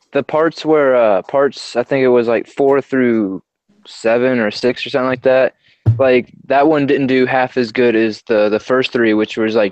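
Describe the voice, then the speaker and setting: A man's voice: mid-range voice, no echo, rough recording. A young man, a horror story narrator, chatting casually with a friend, laid-back, swearing freely and filling his talk with "like". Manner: laid-back, swears freely, many fillers, laughs often. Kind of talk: casual chat.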